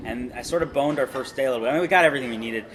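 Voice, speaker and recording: A man's voice: mid-range voice, racing. A man, a film director and co-writer, answering interview questions in a loose, rambling way with lots of restarts and self-deprecating jokes. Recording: noisy background ambience.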